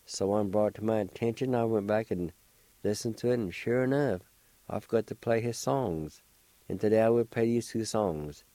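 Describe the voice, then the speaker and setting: A man hosting a language lesson on radio, slowly spelling words letter by letter and pronouncing them with patient encouragement. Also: on the low side, mellow, no echo. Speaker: language radio show host. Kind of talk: slow spelling and pronunciation lesson.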